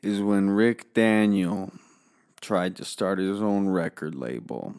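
A man with a deep, gravelly voice drawls slowly through a comic tale. He is boastful and rambling and swears freely. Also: darkish tone. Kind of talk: comedic storytelling monologue.

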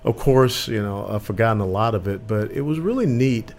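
A man's voice: fairly low pitch, animated, fairly quick, a little mellow, slight background noise. An older man from Atlanta, a military veteran, speaking earnestly and with emphasis as a guest on an interview show. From Atlanta, Georgia, US. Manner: earnest, emphatic, repeats words when starting. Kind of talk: conversational interview.

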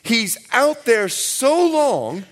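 A man who is a pastor preaching a sermon at a church service, animated and playful, acting out the scenes. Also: extremely high pitch, drawn-out words.

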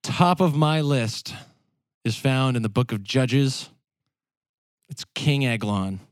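An upbeat man co-hosting a casual podcast chat, animated as he tells stories. His voice is mid-pitched. The recording is close and dry. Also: takes it slowly, no room sound. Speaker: podcast co-host.

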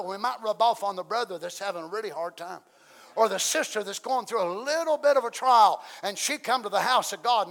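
A man preaching a sermon in a folksy way, asking the congregation many questions and swinging between loud exclamations and soft asides. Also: high-pitched, vocal fry.

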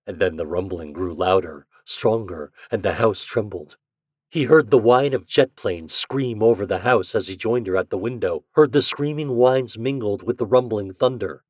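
A man reads a dramatic story aloud in a fairly low voice. His telling is steady and builds intensity. The recording sounds close and dry. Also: moderate pace, no room sound. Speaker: narrator.

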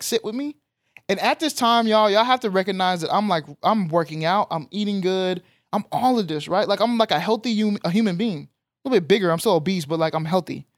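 A young man, telling a personal story in an animated, emphatic way on a casual podcast. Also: high voice, no room sound, studio quality.

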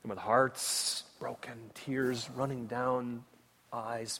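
A man preaching a sermon as pastor, impassioned, swinging between loud cries and hushed tones. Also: mid-range voice, little pitch movement, slow, a little hiss or hum. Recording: long reverb of a large hall.

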